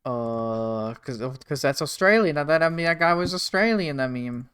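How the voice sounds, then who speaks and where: A man's voice: a little high, animated, normal speed, a bit bright, clear, resonant tone, no room sound, clean studio sound. A man hosting a casual livestream, rambling with restarts and talking directly to his chat. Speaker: streamer.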